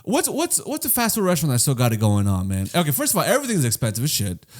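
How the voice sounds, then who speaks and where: A man on a casual podcast, talking in a fairly high voice that swings up and down. He tells stories with plenty of swearing and jumps into other people's voices as he goes. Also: quick pace. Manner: animated storyteller, swears freely, acts out voices. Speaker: podcast co-host. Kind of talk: casual chat.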